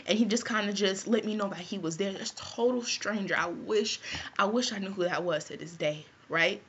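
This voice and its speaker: A woman's voice: medium pitch, moderate pace, fairly bright tone, husky. A woman vlogger telling a personal story to her viewers in a casual, chatty way, often checking in with "right?". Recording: dull lo-fi recording.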